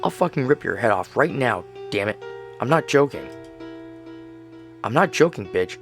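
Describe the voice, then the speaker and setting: A man voicing a terrified and furious young son in a horror game, shouting and swearing in panic. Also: medium pitch, sing-song, normal speed, soft background music. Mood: threatening. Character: terrified furious young son facing his dead mother.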